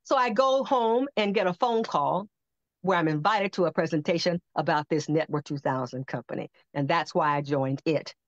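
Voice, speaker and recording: Older woman, lively storytelling testimony, muffled lo-fi sound, dry. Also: low-pitched, moderate pace, no room sound. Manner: animated storyteller who acts out quoted voices. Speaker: podcast guest.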